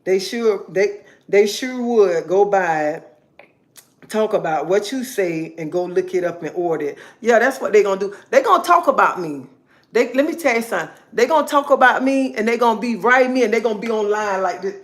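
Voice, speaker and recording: A woman chatting casually on a livestream, bossy and scolding. She talks at a middling pitch, repeats each point, and keeps checking in with her viewers. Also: expressive, fairly quick. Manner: bossy, repetitive, scolding, keeps asking okay. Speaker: livestream host.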